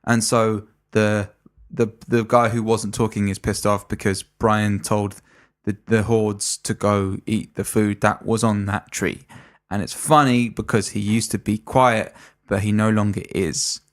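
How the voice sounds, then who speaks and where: A man's voice: lowish voice, little pitch movement, measured pace. A man co-hosting a casual movie podcast, explaining scenes in a rambling, chatty way. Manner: rambling, explains jokes at length with acted quotes. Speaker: podcast co-host. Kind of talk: casual chat.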